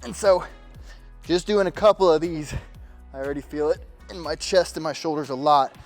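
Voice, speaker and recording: A man's voice: on the high side, moderate pace, soft background music. A man giving casual workout instructions as a fitness coach, talking while he demonstrates exercises and sometimes sounding slightly strained from the effort. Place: gym.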